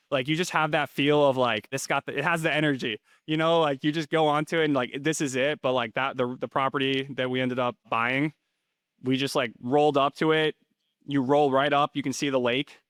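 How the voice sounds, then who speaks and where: A man's voice: medium pitch, fairly bright tone, clean tone, no room sound, clean studio sound. A man in his thirties, a guest in a casual interview, talking in a rambling way full of fillers and restarts. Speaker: interview guest, rental investor.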